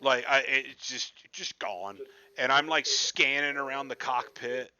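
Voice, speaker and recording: Bright-voiced man telling a rambling story. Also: medium pitch, measured pace, lo-fi sound. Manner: self-deprecating, rambling, swears freely. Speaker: flight sim gamer recounting a session. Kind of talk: casual storytelling over gameplay.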